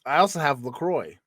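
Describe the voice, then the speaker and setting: A young man co-hosts a casual comedy show, laughing often as he makes up a goofy tale. His voice sits at an everyday middle pitch. The sound is close and dry, with no room around it. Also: a bit bright, breathy edge, dry recording. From Florida. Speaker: podcast co-host.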